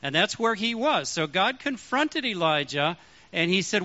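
A pastor delivers his sermon in a high, bright voice. He preaches in an animated way and acts out the voices he quotes. The recording sounds dull and lo-fi. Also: measured pace.

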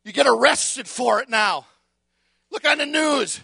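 Very high-pitched and slightly rough with vocal fry, this male preacher gives a fiery sermon at a measured pace, with no echo in the recording. He shouts emphatically, piles up long repetitive litanies, and frequently trips over repeated words when beginning a phrase.

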